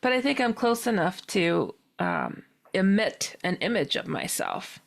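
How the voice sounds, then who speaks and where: A calm alien speaks in a flat, matter-of-fact way, as a woman storyteller quotes it. The voice sits a little low and keeps a gravelly texture. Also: measured pace, full character voice.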